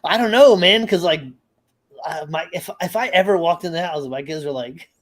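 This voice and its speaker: Teasing, laughing podcast co-host. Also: male voice, fairly high pitch, normal speed. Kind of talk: casual chat.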